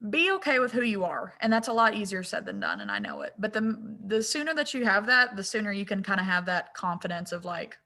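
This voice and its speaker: A young woman talks candidly in a relaxed interview, joking about her own flaws. Her voice is bright and clear, sitting at an average pitch. She sounds open and self-deprecating. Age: young adult. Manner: candid, self-deprecating, quick to laugh at herself. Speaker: guest designer. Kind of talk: casual interview chat.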